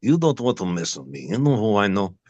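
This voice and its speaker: A man's voice: on the low side, sing-song, fairly quick, a little mellow, no room sound, dull audio, pitched above the performer's own voice. A man putting on a menacing Russian tough. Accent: put-on Russian. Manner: threatening, boastful.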